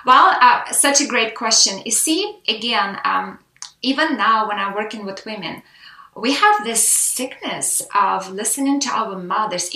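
A woman's voice: mid-range voice, reverberant, poor audio. A middle-aged woman from the Soviet Union with a Russian accent, chatting as a guest in an interview and acting out the people she quotes. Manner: animated storyteller, acts out quotes. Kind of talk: casual interview chat.

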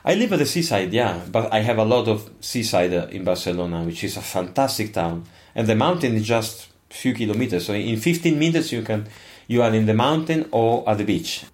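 An older man with an Italian accent, a non-native English speaker, answering interview questions in an expressive, emphatic and digressive way. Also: on the low side, a little fast, few pauses. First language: not English. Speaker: musician guest.

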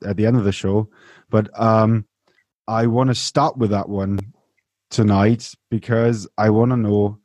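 A man's voice: lowish voice, a little mellow, no echo. A man hosting a show, chatting casually and telling anecdotes with frequent restarts. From Germany, near Munich. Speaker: show host. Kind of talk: casual interview chat.

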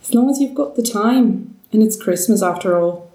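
A woman's voice: medium pitch, normal speed, warm tone, natural voice. Woman doing a slangy little sewer rat. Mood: cheeky. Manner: slangy, calls people mate. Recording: roomy, distant mic.

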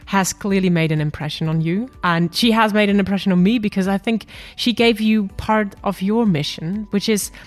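A woman's voice: mid-range voice, normal speed. A woman hosting a podcast, talking in an encouraging, conversational way. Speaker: podcast host.

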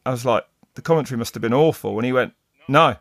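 A middle-aged man, a race commentator, telling stories in casual chat, rambling and animated with many restarts. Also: mid-range voice, fast talker, gravelly, no echo. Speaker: mountain bike race commentator. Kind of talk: casual podcast storytelling.

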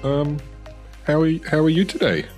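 A man's voice: fairly high pitch, expressive, moderate pace, darkish tone, soft background music. A man co-hosting a travel podcast, casual and wry, hesitating with fillers. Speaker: podcast co-host. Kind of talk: casual chat.

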